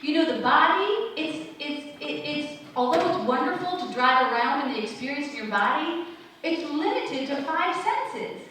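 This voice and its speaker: A woman's voice: high voice, animated, moderate pace, fairly bright tone, faint music behind. Earnest woman host in an echoey room. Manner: earnest, conversational, many "you know" asides. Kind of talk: spiritual talk show monologue. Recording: roomy echo, distant mic, faint ambience.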